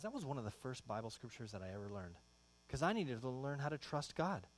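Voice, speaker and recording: A male pastor preaching a sermon, shifting into animated storytelling and acting out everyday exchanges with his kids. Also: medium pitch, fairly quick. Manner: animated storytelling, acts out his kids' voices.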